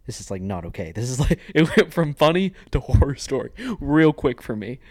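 A man's voice: medium pitch, a little fast, dry recording. A young adult man, co-host of a podcast, telling a story in casual chat and acting out the voices of the people in it. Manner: animated storyteller who acts out quoted voices.

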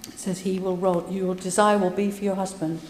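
A woman's voice: medium pitch, little pitch movement, a little fast, a little mellow, slight background noise. A woman giving a conversational sermon, retelling scripture with asides. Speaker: preacher. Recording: echoey hall, voice from a distance.

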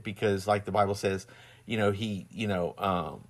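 A man's voice: on the low side, steady tone, moderate pace. A man with a Southern twang in casual chat, rambling with many restarts and laughing often as he tells stories. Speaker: husband and father.

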